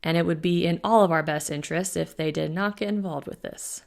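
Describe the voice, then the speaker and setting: A woman reading an audiobook voices a composed male former hunter who speaks calmly and in a measured way. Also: fairly low pitch, gravelly.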